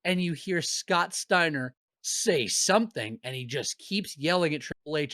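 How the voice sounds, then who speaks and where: A man's voice: fairly high pitch, animated, measured pace, pushed and bright, no room sound. A man co-hosting a wrestling podcast, chatting casually and swearing freely. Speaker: podcast co-host. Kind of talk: casual chat.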